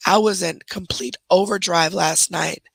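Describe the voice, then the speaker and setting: A woman hosting a livestream in casual chat, hoarse with her voice nearly gone, talking straight to her viewers and moderators. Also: fairly low pitch, steady tone, a little slow, no echo, rough recording. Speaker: livestream host.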